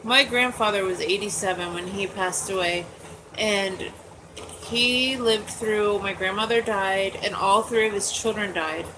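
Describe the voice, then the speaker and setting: A woman's voice: mid-range voice, a little slow, noisy background. A woman in her forties chatting candidly and casually as host, with many "like"s and "um"s. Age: 40s. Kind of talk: casual chat. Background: dogs nearby.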